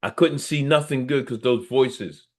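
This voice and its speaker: A middle-aged author reads his memoir aloud in a medium-pitched, unhurried voice, breaking off to preach about it. His emphasis is earnest, repetitive, and preacher-like.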